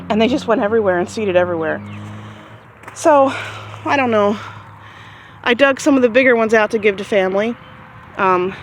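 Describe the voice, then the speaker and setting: A woman giving a casual, rambling tour of her vegetable garden outdoors, talking to the camera as she walks. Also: a little hiss or hum. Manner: chatty and rambling, talks to her chickens in a high sing-song. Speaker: gardening vlogger. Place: outdoors in a backyard garden near chickens. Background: birds and chickens clucking faintly.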